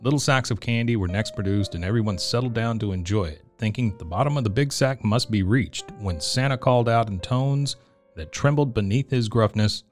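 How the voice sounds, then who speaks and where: A man with a fairly low voice reads a holiday storybook aloud. His delivery is gentle and measured. Soft music plays faintly behind him. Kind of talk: storybook narration.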